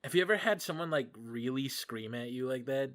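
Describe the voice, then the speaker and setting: Male podcast guest, mid-range pitch; blunt, profane casual talk. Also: fairly quick, a bit bright. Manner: blunt, profane, laughs easily. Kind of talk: casual chat.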